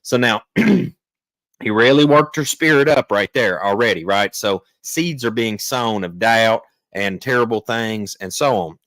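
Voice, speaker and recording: Low-voiced man reading scripture, dry sound. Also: unhurried, fairly bright tone, dry recording. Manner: plain conversational delivery with fillers and restarts between readings. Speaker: channel host teaching on scripture. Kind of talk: reading scripture aloud with casual commentary.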